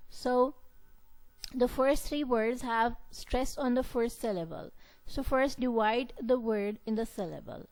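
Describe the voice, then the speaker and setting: A woman lecturing on pronunciation, explaining slowly and repetitively and correcting herself as she goes. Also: a little high, darkish tone, rough recording. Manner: slow, repetitive explaining with frequent self-corrections. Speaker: English lecturer. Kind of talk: recorded university lecture.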